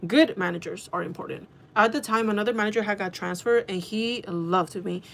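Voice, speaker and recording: A woman talking straight to camera in a casual storytime vlog, her voice at a middling pitch. She tells it chatty and animated, with a loose, profane edge, rushing through lines in quick bursts. A faint hum of noise sits under her voice. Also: creaky. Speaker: vlogger.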